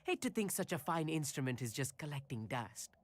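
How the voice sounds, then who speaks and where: Eager young student, astronomy nerd, bit boastful, chatty, bouncy pitch. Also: male voice, very animated, fairly quick. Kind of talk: video game voice acting.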